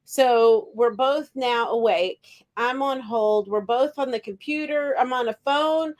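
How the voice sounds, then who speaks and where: A woman's voice: on the high side, a little slow, darkish tone. A woman from Texas co-hosting a podcast, chiming in and acting out her own past words while telling a travel mishap. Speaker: podcast co-host. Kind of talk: casual chat.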